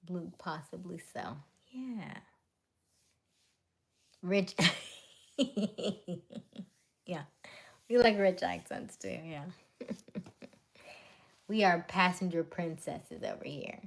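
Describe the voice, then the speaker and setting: A woman's voice: on the low side, very slow, vocal fry, long pauses. A woman hosting a casual livestream, chatting with viewers and answering their comments, often laughing. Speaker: livestream host. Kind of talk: casual live chat with viewers.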